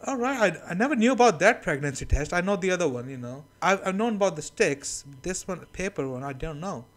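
A man's voice: sits high, animated, brisk, fairly bright tone. A man from India hosting a reaction video, chatting casually, laughing often and swearing, into a camera-mounted mic. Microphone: camera-mounted shotgun mic.

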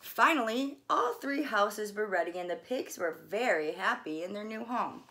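A woman, a fitness coach, reading a children's story aloud gently and pausing softly to describe the pictures. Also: mid-range voice, lively intonation.

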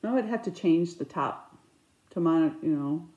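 A woman's voice: on the low side, a little slow, dull audio. Chatty woman crafter in an echoey room. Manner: chatty, rambling, animated with sudden outbursts. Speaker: cross stitch vlogger. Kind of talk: casual chat.

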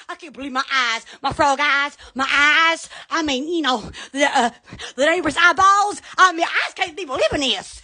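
A woman, hosting an excitable, silly livestream that breaks into loud shrieks and laughter. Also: extremely high pitch, normal speed. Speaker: online shop seller on a livestream. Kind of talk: excitable livestream product chat.

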